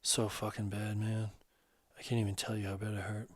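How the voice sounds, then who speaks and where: Man playing a hurt divorced guy, earnest, halting, casual talk, lowish voice, dry sound. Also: monotone, slightly rough, no room sound.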